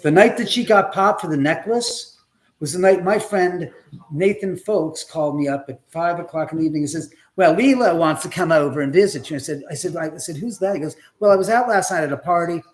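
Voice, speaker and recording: Speaking fairly quickly in a somewhat high voice, a man runs a live stream from home and tells his story loosely and chattily. He takes on the voices of those he quotes and swears casually along the way.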